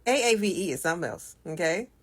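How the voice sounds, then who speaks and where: A woman's voice: lowish voice, animated, fast talker. A woman from the United States explaining something patiently in a casual video monologue, repeating her points. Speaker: social media commenter.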